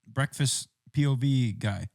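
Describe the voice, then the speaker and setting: A man's voice: medium pitch, unhurried, creaky, darkish tone, no room sound, studio quality. A man co-hosting a casual podcast, teasing his friends, laughing often and telling stories. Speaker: podcast co-host. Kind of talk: casual chat.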